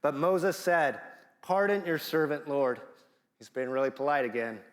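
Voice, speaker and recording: A man's voice: on the high side, moderate pace. Playful man preaching in a reverberant hall. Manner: conversational, playful, acts out quoted voices. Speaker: guest preacher. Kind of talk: sermon. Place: church sanctuary.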